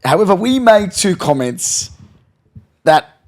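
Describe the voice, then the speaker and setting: A man co-hosting a casual football podcast, playful and excitable, needling his co-host with questions. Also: sits high, slow.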